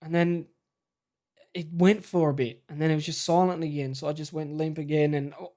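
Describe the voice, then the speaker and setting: Australian male vlogger, a touch high-pitched; halting, stammering storyteller. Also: flat delivery, dark tone. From South Australia. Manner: halting, stammering, shaken retelling. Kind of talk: personal storytelling.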